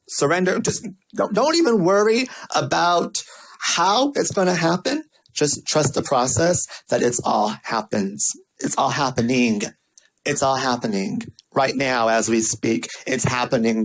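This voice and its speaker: A man giving a motivational marketing talk, animated and repetitive, telling stories with playful asides. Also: a little high, low-quality recording. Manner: lively, repetitive, storytelling delivery with playful asides. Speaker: marketing speaker.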